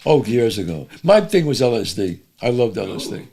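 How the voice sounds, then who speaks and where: A man's voice: medium pitch, gravelly, husky. A man in his seventies, a podcast guest, chatting casually, telling anecdotes and agreeing readily. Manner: animated, agreeable, drops in quick affirmations.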